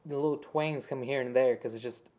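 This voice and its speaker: A man's voice: medium pitch, steady tone, fairly quick, dull audio. A man from the Southern United States co-hosting a podcast in casual chat, rambling with lots of fillers. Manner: rambling, with many fillers and restarts. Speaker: podcast co-host.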